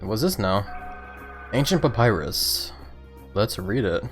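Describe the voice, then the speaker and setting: A fairly low-voiced man streams a game and keeps up loose, chatty commentary, thinking out loud and laughing now and then. He has the hiccups. Faint game music plays underneath. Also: very animated, takes it slowly, pauses often. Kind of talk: casual gameplay commentary.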